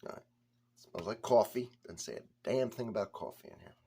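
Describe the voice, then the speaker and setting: Man, beer reviewer on a casual vlog: low, husky voice, chatty, blunt, talks straight to camera. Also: fairly quick, warm tone.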